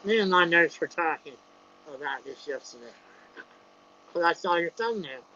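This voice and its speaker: A woman's voice: on the low side, lively intonation, moderate pace, sharp tone. A woman joining a casual talk show as a caller, speaking in an easygoing, plainspoken way. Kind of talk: casual chat. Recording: dull lo-fi line with faint noise.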